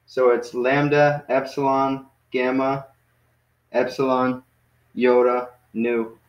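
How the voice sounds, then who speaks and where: A man teaching a language class online, patiently coaching students and slowly spelling out words. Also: mid-range voice, flat delivery. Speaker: Greek teacher. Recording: echoey, muffled video call audio.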